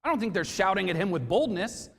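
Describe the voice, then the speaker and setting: A man preaching a sermon to a congregation, expressive and questioning, acting out quoted voices as he goes. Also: high voice, fast, gravelly, big-room sound. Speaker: pastor. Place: church sanctuary.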